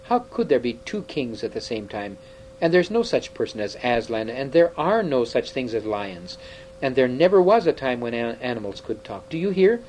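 A man's voice: medium pitch, very animated, normal speed, a little mellow, slight background noise, natural voice, poor audio. A man reading aloud, voicing a stern, domineering king who speaks in cold, thundering commands.

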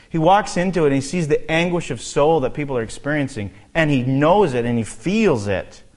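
A man preaching through a scripture passage in a mid-pitched voice. He reads each verse and then talks it over in a loose, conversational way, thinking aloud as he goes. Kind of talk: verse-by-verse Bible teaching.

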